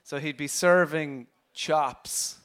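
His voice is on the high side, steady, fairly bright and clean as he performs as a guest on stage. With a Limerick Irish accent, the comedian and meditation teacher spins playful anecdotes full of quick impressions.

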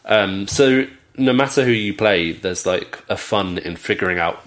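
A man's voice: on the low side, a little slow, fairly bright tone. A man co-hosting a podcast, chatting casually and rambling through stories with many fillers. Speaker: podcast co-host. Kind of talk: casual chat.

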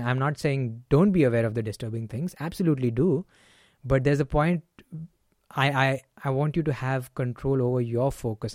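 A man's voice: mid-range voice, a little mellow, no room sound, studio quality. A man hosting a solo podcast, talking casually about handling anger and acting out short example lines with a sudden raised voice. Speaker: podcast host.

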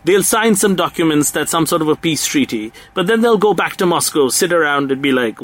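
A man's voice: fairly high pitch, lively intonation, fairly quick, few pauses, fairly bright tone. A man co-hosting a satirical comedy podcast, talking in an ironic, mock-earnest way and laughing at his own jokes. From India.

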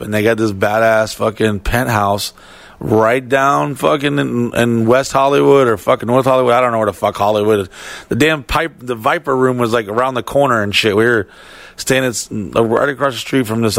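A man with a gravelly, creaky voice spins a rambling, profanity-laden story in casual podcast chat. He circles back with fillers and restarts. The sound is close and dry, with no room around it. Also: medium pitch, steady tone, a little fast, a bit bright, dry recording.

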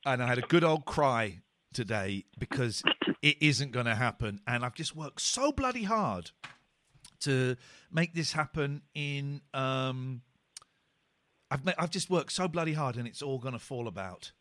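A man's voice: medium pitch, expressive, measured pace, a bit bright, no room sound. A man co-hosting a podcast, talking in a casual, emotional and upset way. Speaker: podcast co-host. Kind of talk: casual chat.

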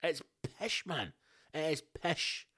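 A middle-aged Scottish man hosting a podcast, ranting alone in a sweary, animated, storytelling way. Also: fairly high pitch, slow, husky. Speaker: podcast host. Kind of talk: casual solo rant.

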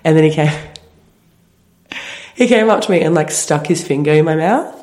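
A woman's voice: deep voice, normal speed. A young woman, co-hosting a casual podcast and telling stories with lots of laughter. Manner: giggly, animated storytelling. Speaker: podcast co-host. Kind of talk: casual chat.

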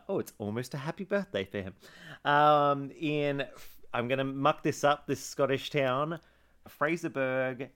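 A man's voice: mid-range voice, a bit bright, clean tone. A man co-hosting a casual true-crime podcast, chatty, laughing often and full of fillers. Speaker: podcast co-host.

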